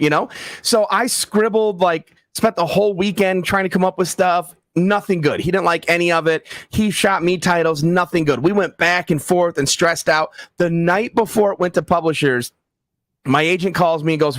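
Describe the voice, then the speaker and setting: A man chatting casually as an interview guest, telling anecdotes with lively acted-out quotes. His voice sits a little high for a man. The sound is dry and close. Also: brisk, dry recording. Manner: animated storyteller, acts out quoted voices. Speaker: author and book site founder, guest.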